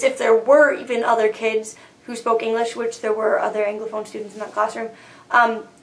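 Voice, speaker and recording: A young woman with a high, bright voice rambles through a personal vlog story. She talks in a chatty, filler-heavy way and keeps slipping into quoted versions of her own anxious thoughts. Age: young adult. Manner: chatty, lots of "like" fillers, acts out her own inner panic. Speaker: university freshman vlogger.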